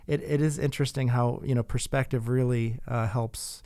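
A man's voice: mid-range voice, fairly even intonation, moderate pace, dark tone, dry recording, studio quality. A man in casual conversation, earnestly telling stories with frequent restarts. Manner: earnest, storytelling, many restarts.

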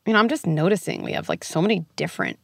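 A woman speaking as a guest on a podcast, talking quickly and with feeling about raising children. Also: low-pitched, wildly swooping pitch, creaky, dry recording, studio quality. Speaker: guest expert on parenting. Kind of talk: podcast conversation.

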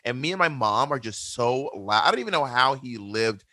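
A man from Georgia, a podcast guest who talks loud, animated and campy. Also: mid-range voice, moderate pace, dry recording. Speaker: podcast guest, drag performer. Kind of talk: casual chat.

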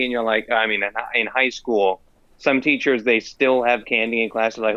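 Teen boy co-host, bright forceful voice, dry dull lo-fi sound, rambling storyteller. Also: mid-range voice, moderate pace, no echo. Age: teens. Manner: rambling, self-correcting storyteller. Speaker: podcast co-host. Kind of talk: casual chat.

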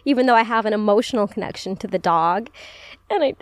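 A young woman co-hosting a casual chat podcast, playful and quick to joke, laughing often. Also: medium pitch, animated, dry recording. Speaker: podcast co-host.

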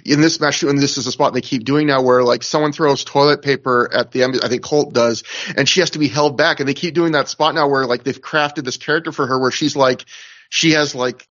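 A man's voice: medium pitch, fairly even intonation, brisk, a bit bright, no room sound, muffled recording. A man co-hosting a wrestling history podcast, chatting casually with mock-outraged banter. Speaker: podcast co-host.

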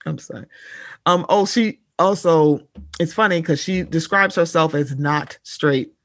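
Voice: medium pitch, a little slow, a bit bright, dry recording, studio quality. A podcast co-host in casual pop-culture chat, talking bluntly and sarcastically with plenty of swearing and asides to listeners. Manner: blunt, profane, sarcastic, addresses listeners as y'all.

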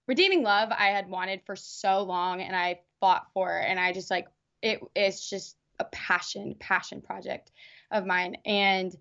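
A young actress chatting as an interview guest, rambling with lots of fillers and restarts. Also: female voice, mid-range voice, fairly even intonation, a little slow, sharp tone, dull audio. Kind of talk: casual interview.

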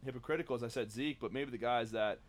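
A young man talking sports at a rapid clip, mid-pitched and quick to argue. He corrects himself as he goes and pushes his points in casual chat. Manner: fast, argumentative, self-correcting. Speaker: podcast co-host.

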